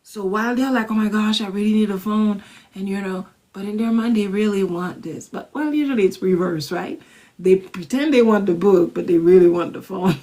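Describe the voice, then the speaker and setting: A woman wellness coach leading a manifestation exercise, soft and measured, repeating each phrase and stressing key words. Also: medium pitch. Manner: soft and measured, dipping into whispers. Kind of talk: guided manifestation instruction.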